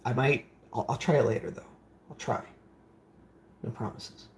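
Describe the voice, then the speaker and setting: A man's voice: mid-range voice, fairly even intonation, normal speed, a little hiss or hum. Rambling man reading chat on stream. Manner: reads viewer comments aloud and answers them; rambling, with frequent fillers. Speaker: streamer building game consoles. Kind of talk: casual live-stream chat.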